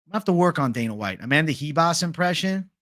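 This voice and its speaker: A man's voice: fairly high pitch, expressive, fast, a bit bright. A young man hosting a casual livestream, swearing freely and reading viewer chat aloud. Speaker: livestream host.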